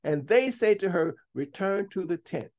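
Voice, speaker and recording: High-pitched guy preaching, reads a passage then jumps in with comments, gets loud at times. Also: animated, moderate pace. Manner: reads aloud and breaks off to comment and exhort. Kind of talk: sermon, reading scripture aloud.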